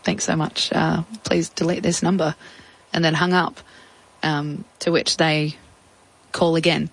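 Her deep, creaky voice has a breathy edge, and she speaks at a measured pace with a flat delivery. This Australian interview guest, likely in her thirties, reflects casually on her personal story, often quoting what was said. The recording is low quality.

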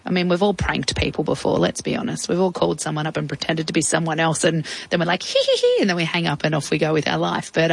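A woman's voice: low-pitched, vocal fry, breathy edge, no echo, poor audio. A woman with an Australian accent, probably in her thirties, telling her personal story in an interview with casual, reflective talk and lots of quoted speech. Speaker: interview guest.

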